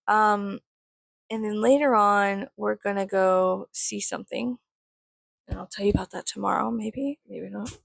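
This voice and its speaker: Gravelly-voiced woman vlogger rambling. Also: mid-range voice, fairly even intonation, normal speed, dry recording. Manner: rambling, profane, drifting into soft whispers. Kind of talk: casual rambling chat while doing makeup.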